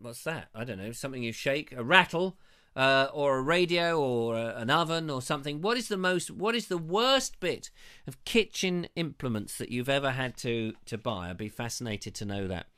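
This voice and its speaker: A man's voice: medium pitch, lively intonation, moderate pace, pushed and bright, smooth. Chatty man hosting a live show. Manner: chatty and jokey, reads comments aloud with quips. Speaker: host of a live online show. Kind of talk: live chat reading viewer comments. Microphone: lavalier mic.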